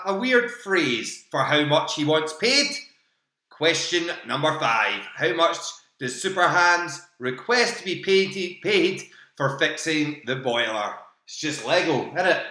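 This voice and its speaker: A man's voice: fairly high pitch, sharp tone, echoey room. A British man hosting a live online quiz from home, chatty, laughing often and repeating each question. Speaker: quiz host. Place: home room. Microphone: home computer mic.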